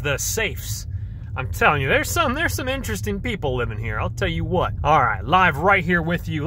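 A man vlogging outdoors while dumpster diving, chatty and excitable, thinking aloud to the camera. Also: on the high side, slight background noise. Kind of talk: casual vlog narration while dumpster diving. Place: outdoors by apartment complex dumpsters.

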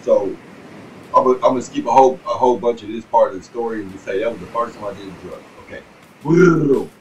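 Guy spinning a long, cussing story, loud then mumbling, recorded a bit far off with light hiss. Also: a little fast. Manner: profane, rambling, peppered with "you know what I'm saying"; swings between loud bursts and low muttering. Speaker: vlogger telling a life story. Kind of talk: casual storytelling monologue. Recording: distant mic with faint background noise.

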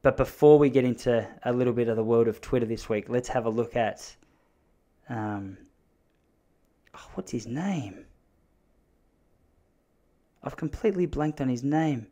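A man in his thirties talks alone into his podcast mic, rambling from thought to thought. He jokes and pokes fun at himself. His voice sits at an ordinary middle pitch. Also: unhurried, long pauses, dark tone. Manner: rambling, self-mocking, jokey asides. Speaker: podcast host. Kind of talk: solo podcast monologue.

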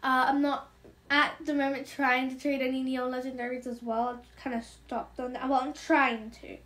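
Woman, high voice, hyper fast chatter, gaming vlog commentary, apologetic. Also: little pitch movement, fairly bright tone. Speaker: gaming channel host. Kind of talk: game trading commentary vlog.

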